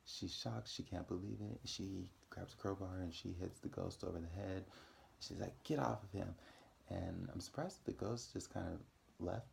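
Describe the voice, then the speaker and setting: A man's voice: low-pitched, steady tone, moderate pace, creaky, darkish tone, slight background noise. A man casually recapping a TV episode in a rambling way, with frequent ums and self-corrections.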